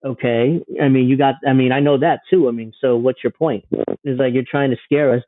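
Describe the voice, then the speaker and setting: A man's voice: mid-range voice, fairly even intonation, brisk, dry recording. A man giving casual, sarcastic reaction commentary on a news clip, mocking and swearing freely. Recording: dry, phone-like narrow sound.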